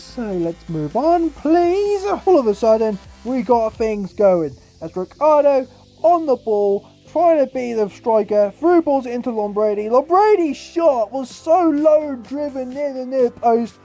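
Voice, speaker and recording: A young man giving casual commentary over football game highlights, exasperated and swearing about his team. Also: expressive, a little slow, warm tone, faint music behind. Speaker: gaming YouTuber.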